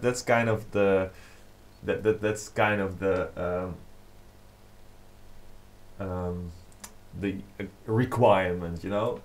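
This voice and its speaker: A man hosts a casual DJ livestream, talking slowly and unhurriedly. He rambles with plenty of fillers and reads fan comments out loud. His pitch sits at an ordinary middle level. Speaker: DJ and producer livestreaming to fans.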